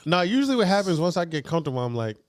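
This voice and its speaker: A man co-hosting a podcast in casual chat, animated and playful, often breaking into laughter as he tells stories. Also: a little high, rapid-fire, no room sound, clean studio sound.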